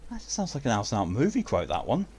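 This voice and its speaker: A man casually chatting while streaming a game, relaxed and swearing now and then. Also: medium pitch, fast talker, a little hiss or hum. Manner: laid-back, swears casually. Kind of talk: casual gameplay commentary.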